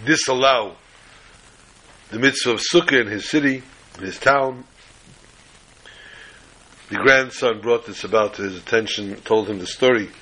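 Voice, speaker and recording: A man teaching a class over a video call, telling a story slowly and adding corny jokes. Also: medium pitch, sharp tone, breathy edge, low-quality recording.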